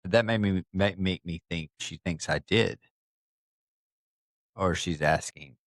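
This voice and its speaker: A man with a very low voice banters on a podcast, teasing and playing devil's advocate. His delivery is loose and conversational. The sound is dry and close to the mic. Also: takes it slowly, no echo. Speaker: podcast co-host. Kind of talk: casual chat.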